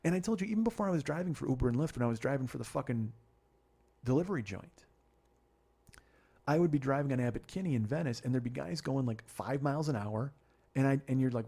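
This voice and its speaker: A gravelly, husky-voiced middle-aged man tells a rambling story on his own podcast. He talks fast, swears freely and gets more animated as he goes. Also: on the high side. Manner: profane, rambling, animated retelling. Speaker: podcast host. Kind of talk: storytelling monologue.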